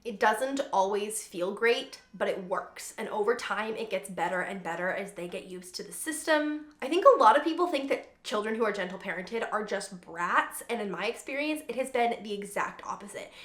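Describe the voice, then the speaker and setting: A woman's voice: medium pitch, lively intonation, moderate pace, hardly any pauses, a bit bright. A young woman, a mother of toddlers, giving casual parenting advice in an earnest, chatty way, often saying "like". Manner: chatty, earnest, frequent "like" fillers. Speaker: parenting vlogger. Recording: echoey room.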